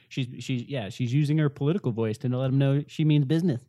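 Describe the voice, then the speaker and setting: A man's voice: mid-range voice, a little fast, mellow, dry recording, studio quality. A man co-hosting a casual chat, agreeable and brief in his replies. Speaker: podcast co-host.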